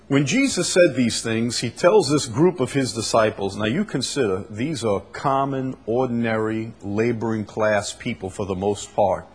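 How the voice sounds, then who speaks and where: A man preaching a sermon in a conversational way, reading scripture aloud and explaining it, often clearing his throat. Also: on the low side. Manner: conversational, with fillers and restarts, reads scripture aloud.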